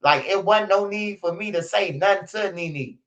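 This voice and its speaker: Male streamer, high voice, profane and animated commentary, lo-fi sound. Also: moderate pace. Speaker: streamer commenting on street news. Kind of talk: casual live-stream commentary. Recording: dull lo-fi stream audio.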